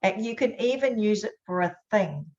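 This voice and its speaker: A woman's voice: mid-range voice, expressive, darkish tone. A woman hosting a webinar as a hypnosis trainer, talking in an upbeat, chatty way. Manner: upbeat, chatty, quick bursts. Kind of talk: casual webinar talk. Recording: dull lo-fi webinar audio.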